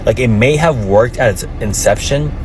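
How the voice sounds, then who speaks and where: A man's voice: mid-range voice, moderate pace, noisy background. A man giving a casual opinion monologue in a conversational, rambling way, recorded outdoors near a street.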